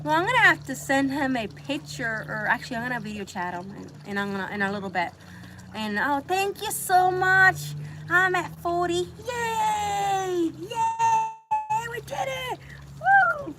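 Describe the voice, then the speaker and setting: A woman's voice: sits high, very animated, normal speed. A woman hosting a casual livestream from her backyard chicken coop. She chats to viewers, repeats herself and coos to her animals. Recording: noisy outdoor phone stream.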